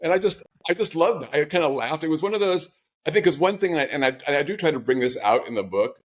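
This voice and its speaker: A man's voice: on the high side, expressive, quick pace. A man, the author guest in an interview, telling personal stories in a reflective, conversational way with flashes of wry humor.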